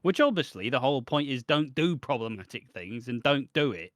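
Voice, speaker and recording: A man's voice: medium pitch, big pitch swings, brisk, no echo. Co-host guy, chill short comments, mid voice, dry mic. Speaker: podcast co-host. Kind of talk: casual podcast chat.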